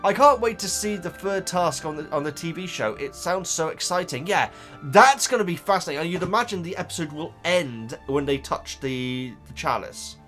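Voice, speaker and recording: A man's voice: fairly high pitch, lively intonation, normal speed, a bit bright, soft background music. A man chatting casually as a YouTube reactor, reading out viewer comments and rambling, often stumbling over repeated words. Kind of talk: casual chat.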